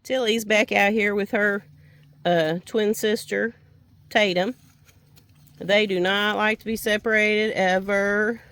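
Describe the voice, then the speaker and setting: Out by the animal pens, the tired homesteader gives her audience a folksy, casual chat to camera. She takes it slowly, her medium-pitched voice fairly even and fairly bright, on a rough recording.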